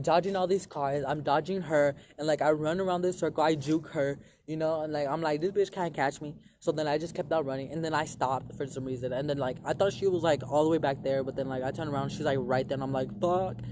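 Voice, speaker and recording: A young man with a slightly raised voice tells a long personal story straight to his viewers. He rambles and swears, with "like" in nearly every sentence. Steady noise runs behind him. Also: on the high side. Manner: rambling, profane, lots of "like" fillers. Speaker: vlogger. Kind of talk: casual storytelling to camera.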